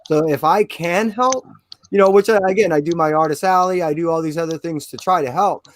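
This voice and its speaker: An earnest man rambles on in a slightly high voice, circling back and restarting his sentences as he makes his point to friends. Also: fairly quick. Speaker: comic artist. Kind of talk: casual group video call chat.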